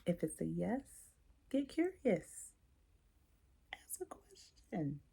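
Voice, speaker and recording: Low-key woman coaching in a gravelly voice. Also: very animated, slow. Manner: coaching, acting out examples, asks listeners questions. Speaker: host and coach. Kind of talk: self-help talk. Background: quiet, late at night.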